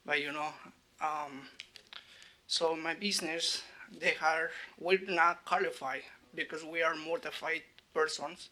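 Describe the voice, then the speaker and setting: Hesitant man with a flat, bright voice. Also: a little high, unhurried. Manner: hesitant, broken phrasing with frequent "you know". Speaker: business owner giving public comment. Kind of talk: public comment at a council meeting. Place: city council chamber.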